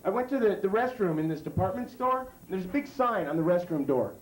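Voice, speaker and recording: Animated stand-up man, high lively voice. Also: fairly quick. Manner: animated, profane, swings from high yelps to low mutters. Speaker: stand-up comedian. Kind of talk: stand-up routine. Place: comedy club stage before live audience. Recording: echoey club with crowd laughter. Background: audience laughter.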